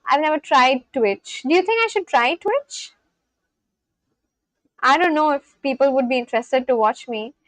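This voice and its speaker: Chatty high-voiced woman streamer. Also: animated, normal speed, long pauses, fairly bright tone, no room sound. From India. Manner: chatty, reads and answers chat aloud, laughs often. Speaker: livestream host. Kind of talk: casual livestream chat.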